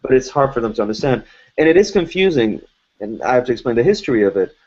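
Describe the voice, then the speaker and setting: A man's voice: medium pitch, sing-song, fast talker, a little mellow, lo-fi sound. A man from Lebanon, a French native speaker, explaining things conversationally as a voice actor guest in a podcast interview, with many restarts.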